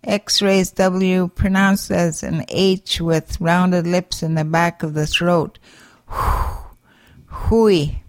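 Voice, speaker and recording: Woman teaching pronunciation really slow, careful, dry mic. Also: lowish voice, no room sound. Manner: slow, deliberate, sounding out each letter. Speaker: language teacher.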